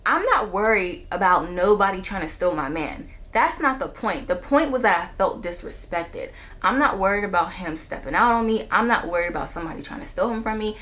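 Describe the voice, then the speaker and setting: A woman talking straight to her camera in a casual storytime monologue, retelling a story with animated jumps in pitch when she quotes people. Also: brisk, few pauses. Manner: animated retelling, jumping up in pitch when quoting herself and others. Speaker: vlogger telling a personal story. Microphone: camera on a stand.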